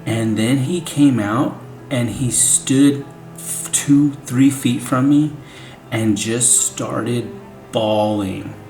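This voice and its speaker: A man's voice: medium pitch, slow pace, a little mellow. A young man, a father, telling a family story in a casual, rambling way, full of "like" and "you know". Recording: echoey room, faint music.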